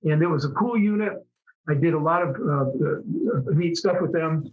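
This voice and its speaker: A man's voice: on the high side, expressive, moderate pace. Chatty middle-aged man with muffled sound. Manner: chatty, rambling, many restarts. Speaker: interview guest, former fighter pilot. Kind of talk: casual storytelling interview.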